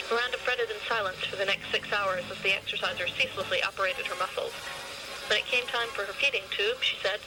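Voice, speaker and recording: A woman reads a short story aloud in a steady, mid-pitched voice. Music plays clearly behind her. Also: fast talker, low-quality recording. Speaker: story reader.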